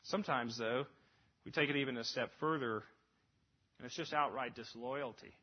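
A man preaching a sermon, earnest and emphatic, swinging between lifted passages and hushed drops. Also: medium pitch, moderate pace. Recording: dull lo-fi recording.

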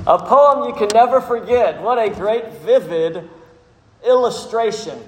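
A man preaching a sermon as pastor, telling a story with measured, dramatic emphasis. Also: high-pitched, animated, slight background noise. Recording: echoey hall with long reverb.

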